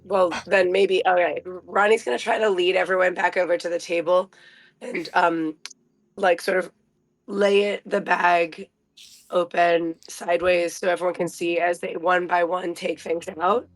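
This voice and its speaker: A player in a tabletop game, polite and halting, voice recovering from a sore throat. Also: medium pitch, level tone.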